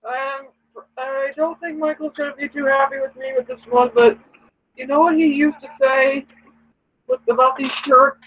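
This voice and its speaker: A woman's voice: high-pitched, normal speed, muffled recording. A woman chatting casually, trailing off mid-sentence. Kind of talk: casual chat.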